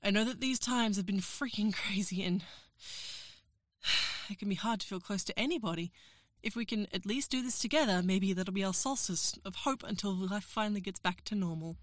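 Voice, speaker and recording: A woman's voice: mid-range voice, normal speed, no room sound, studio quality. A woman performing an erotic audio role-play as a professor, teasing, coaxing and giving orders.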